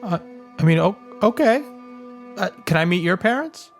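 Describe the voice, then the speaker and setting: A kind young hobgoblin boy, played by a man in a tabletop role-play, earnest and a little hesitant. The voice sits high and swings lively up and down. Faint music plays beneath. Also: normal speed.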